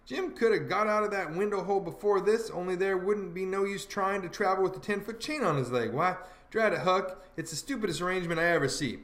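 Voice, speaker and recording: A man's voice: sits high, a little fast, hardly any pauses, a bit bright. A man voicing a bossy, know-it-all teenage boy who lectures in folksy dialect, in an audiobook reading. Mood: lecturing. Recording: roomy echo.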